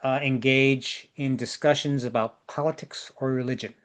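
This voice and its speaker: A man's voice: medium pitch, steady tone, normal speed. A man organizing a group tour, giving chatty, jokey travel advice over a video call and repeating words for emphasis.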